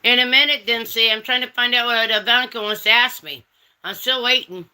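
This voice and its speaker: A woman's voice: on the high side, fairly even intonation, brisk, pushed and bright, clean tone. A woman hosting a casual livestream, reading chat and teasing viewers with pet names like honey and darling.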